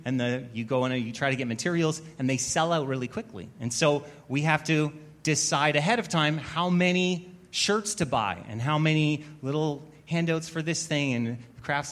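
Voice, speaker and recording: A pastor with a somewhat high voice delivers a sermon. He tells stories with a dry, self-mocking wit and then rises into louder, emphatic preaching. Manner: storytelling with wry self-mocking humor.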